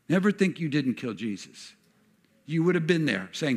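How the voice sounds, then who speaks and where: A man delivers a sermon with a slightly higher-than-usual voice. He preaches in an animated way and acts out the speakers he quotes as he goes. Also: a little fast. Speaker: pastor.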